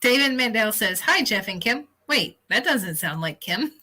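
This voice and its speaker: Woman co-host, reads chat comments, bright voice, relaxed and amused. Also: fairly high pitch, normal speed, poor audio. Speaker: co-host reading out viewer comments. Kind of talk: casual livestream chat.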